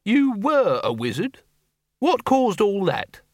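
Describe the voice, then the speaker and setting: A man voicing a huge male werewolf who speaks evenly and deliberately, with quiet menace. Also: sits high, dry recording, clean studio sound, pitched above the performer's own voice, heavily acted. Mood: menacing calm. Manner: even, deliberate threats.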